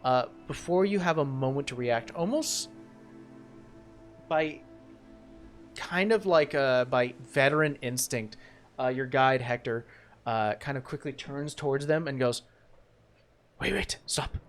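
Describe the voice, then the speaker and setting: A man's voice: mid-range voice, a little slow, pauses often, faint music behind. A man narrating as game master of a tabletop game, rambling with many fillers and restarts.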